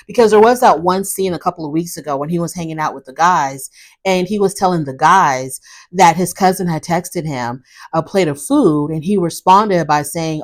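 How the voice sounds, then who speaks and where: A woman recapping a reality TV episode in casual, animated commentary, often acting out what people said. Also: fairly low pitch, normal speed. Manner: animated, opinionated, acts out quotes; frequent fillers and restarts.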